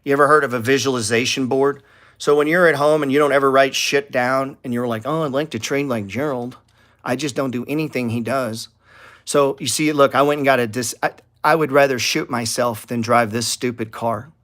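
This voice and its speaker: A man's voice: mid-range voice, fairly even intonation, brisk, a bit bright. A middle-aged man hosting a casual stock trading talk to viewers, blunt and profane, rambling and getting heated. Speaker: stock trading channel host.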